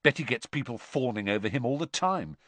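A man voicing an excitable, starstruck teenage boy wizard who gushes and scoffs by turns, in a lively reading. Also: mid-range voice, dry recording, lightly acted. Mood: scornful. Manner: eager, gushing, quick to scorn.

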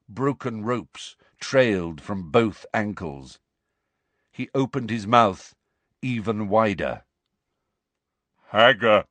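A man narrating an audiobook in a measured, dramatic storytelling manner. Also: mid-range voice, dry recording. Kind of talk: scripted narration.

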